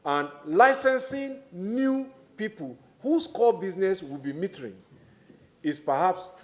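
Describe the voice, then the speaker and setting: A middle-aged man with a Nigerian accent speaks as a government minister at a formal public hearing. His voice sits a little high, and he explains his points in a measured, deliberate way, stressing key words. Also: animated.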